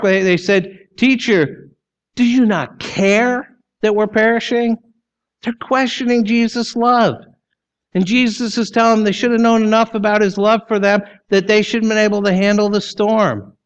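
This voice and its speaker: A man preaching a sermon as pastor, emphatic and full of rhetorical questions, sometimes sinking low and quiet. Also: smooth, highs cut off.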